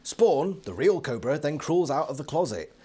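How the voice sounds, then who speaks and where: A man's voice: a little high, sing-song, normal speed, mellow, husky. A British man giving a casual, sarcastic book review from his living room, swearing freely and laughing often.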